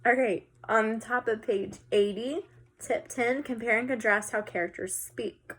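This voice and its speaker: A woman teacher casually walking students through a recorded lesson, talking in a relaxed way with some filler words. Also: a little high, measured pace, husky.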